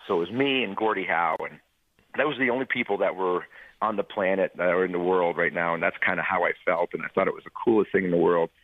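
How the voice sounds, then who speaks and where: A man in his fifties tells a personal anecdote earnestly, stacking up short lists. His voice is very deep and husky. It sounds dry and tinny, like a phone line. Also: fast talker, no echo. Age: 50s.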